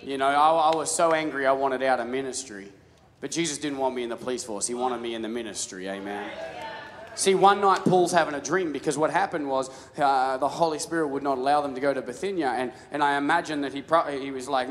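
Stammering pastor in a big hall. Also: male voice, mid-range voice, a little fast, a bit bright. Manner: casual storytelling with many restarts and stammered repeats. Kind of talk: sermon. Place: large church hall. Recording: live sermon with long hall reverb.

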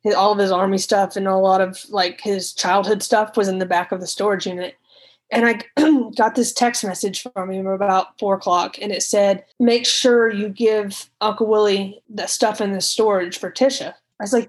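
Halting woman telling a personal story. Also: mid-range voice, fairly even intonation, rough recording. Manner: halting, restarts and repeats, candid. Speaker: storyteller recounting her past.

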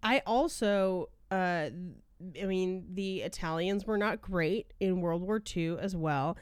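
A woman co-hosting a casual podcast, speaking in a soft, hesitant way. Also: lowish voice, slow pace, clear, resonant tone, no room sound, studio quality. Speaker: podcast co-host.

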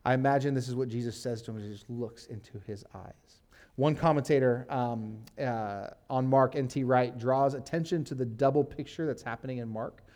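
A man pastor teaching a sermon in a relaxed, conversational way, reading scripture aloud and often saying "like". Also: medium pitch, normal speed. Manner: casual, uses "like" and fillers, reads scripture aloud.

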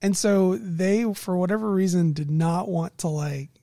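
A woman game master casually recounting a tabletop game session, animated and laughing often. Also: fairly low pitch, measured pace, gravelly, no room sound, clean studio sound.

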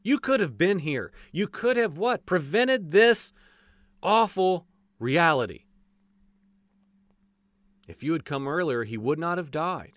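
Man preaching, folksy and animated, fairly high voice, dry close sound. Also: takes it slowly, pauses often, dry recording. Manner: animated, acts out voices of people in stories; folksy, says "y'all" and jokes. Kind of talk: sermon.

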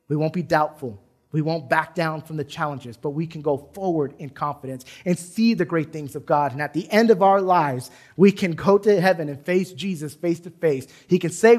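A man preaching. His voice sits fairly high, and his talk moves between emphatic points and relaxed, chatty storytelling. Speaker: pastor. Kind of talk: sermon. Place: church sanctuary.

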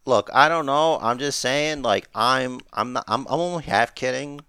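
A man's voice: medium pitch, normal speed, bright, forceful tone, clean tone, dry recording, studio quality. A man co-hosting a podcast, chatting casually with lots of restarts and jokes. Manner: rambling, joking, many restarts. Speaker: podcast co-host. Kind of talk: casual wrestling chat.

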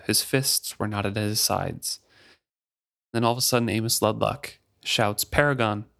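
A man co-hosting a book podcast, reading passages of a novel aloud in a steady, measured way. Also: lowish voice, gravelly. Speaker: podcast co-host.

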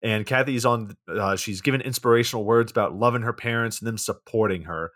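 Here a man with a lowish, fairly bright voice talks fairly quickly while co-hosting a podcast. He casually runs through a film's plot, cursing and adding asides. It's studio-quality audio with no room sound.

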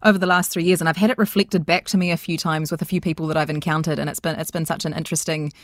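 A woman guest chatting on a podcast, animated and giggly, breaking into quick impressions. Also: deep voice, no room sound, clean studio sound. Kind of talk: casual podcast chat.

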